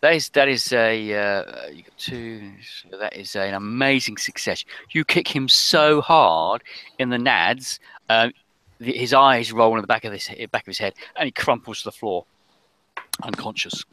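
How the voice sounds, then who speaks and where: A man narrating as game master of a tabletop game, describing scenes hesitantly with many pauses and restarts. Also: lowish voice, pushed and bright, no room sound.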